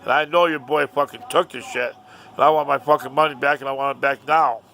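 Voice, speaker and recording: A man playing a menacing, foul-mouthed armed father who is gruff and blunt, in a told story. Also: medium pitch, fairly even intonation, a little fast, bright, forceful tone, a little hiss or hum. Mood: indignant.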